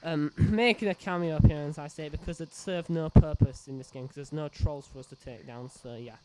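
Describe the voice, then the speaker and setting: A man's voice: fairly high pitch, a little fast, hardly any pauses, warm tone, slight background noise. Rambling man narrating gameplay. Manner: rambling, full of fillers and "so yeah". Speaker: let's play host. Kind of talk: casual gameplay commentary.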